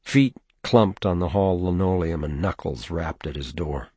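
A man narrating a novel in a measured, steady audiobook reading on a close mic. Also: low-pitched, husky, no room sound. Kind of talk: scripted narration.

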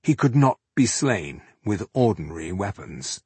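A male audiobook narrator with a husky, slightly breathy voice reads a fantasy epic in a measured, dramatic way. The recording is dry and close, with no room sound. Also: on the low side, lively intonation, darkish tone, no echo.

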